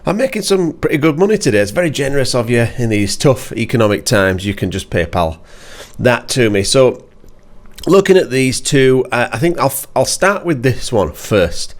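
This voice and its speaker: A man, giving a casual photo critique with dry, teasing humor. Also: on the low side.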